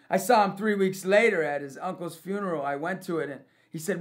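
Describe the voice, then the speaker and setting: A man giving a personal testimony about forgiveness as a youth leader, telling it with lively storytelling that swings from loud to hushed and breaks into laughs. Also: high voice, a little fast, few pauses.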